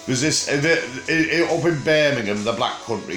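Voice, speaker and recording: A man's voice: medium pitch, fairly bright tone, soft background music. Rambling older man, Teesside accent, echoey. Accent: Teesside English. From England. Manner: rambling, jokey and chatty, with frequent filler pauses. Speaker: vlogger. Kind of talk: casual rambling chat to camera.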